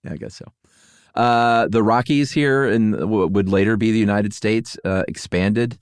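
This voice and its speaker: A man co-hosting a casual podcast, talking in a relaxed way with frequent laughs and fillers. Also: fairly low pitch, measured pace, clean tone, no room sound, clean studio sound. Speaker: podcast co-host. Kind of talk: casual conversational podcast chat.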